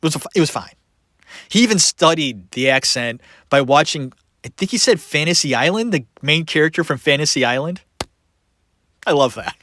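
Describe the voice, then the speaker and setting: A man hosting a solo podcast, talking about actors in an animated, sarcastic way with frequent laughter. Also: a little high, a little fast, no echo. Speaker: podcast host.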